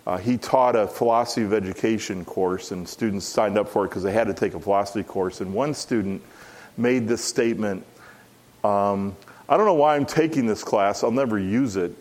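A middle-aged man, a pastor, preaching an expository sermon in an earnest, emphatic way, repeating key phrases and rising in pitch when stressing a point. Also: darkish tone.

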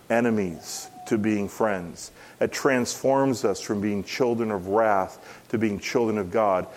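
Preaching an expository sermon, this middle-aged pastor has a darkish tone and an earnest, emphatic delivery. Key phrases come back again and again, with his pitch rising as he stresses them.

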